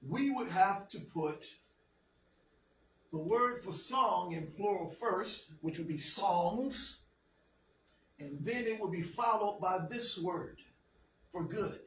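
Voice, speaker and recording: A man with a fairly high voice gives a slow, patient classroom lesson, often stopping to ask if everyone follows. He stands away from the mic in a roomy space with a faint hiss behind. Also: a bit bright. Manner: patient, checks understanding with frequent "okay?". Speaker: teacher. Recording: roomy, distant, faint background noise.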